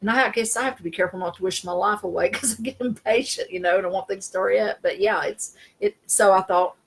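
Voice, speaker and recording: A woman's voice: medium pitch, fast, slightly rough, poor audio. Woman, spiritual consultant, casual and self-deprecating, laughs easily, speaking over a video call. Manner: chatty, self-deprecating, laughs often, trails off. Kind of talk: casual chat.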